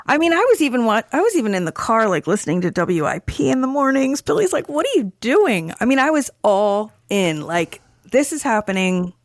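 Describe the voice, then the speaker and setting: A woman's voice: fairly high pitch, very animated, a little fast, hardly any pauses, no echo. Philly woman cohost, chatty and agreeable, bouncy voice, dry mic. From Philadelphia area. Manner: agreeable, chatty, laughs along. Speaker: podcast co-host. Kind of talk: casual chat.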